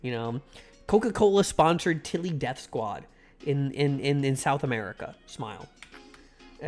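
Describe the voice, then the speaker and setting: A man with a mid-range, animated, slightly mellow voice speaks at a normal pace. He streams a game and reads it aloud, bantering irreverently with chat and pausing to thank them, with faint background music.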